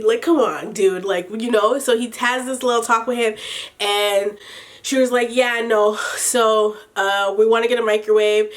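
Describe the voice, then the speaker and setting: A woman telling a storytime vlog in a casual, animated way, swearing freely and laughing between lines. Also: a little high, normal speed. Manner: animated, profane, exasperated retelling. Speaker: storytime vlogger.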